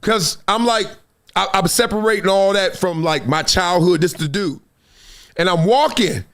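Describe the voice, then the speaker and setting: A middle-aged man with a Southern California accent, hosting a live show and telling a story in a lively way, acting out quotes and laughing often. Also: sits high, normal speed. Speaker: host.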